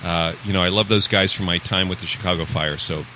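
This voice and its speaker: A man with a low voice that still cuts through brightly offers measured and thoughtful opinions as a guest pundit. He sounds calm and considered. A faint hiss runs underneath. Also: poor audio. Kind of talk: casual sports chat.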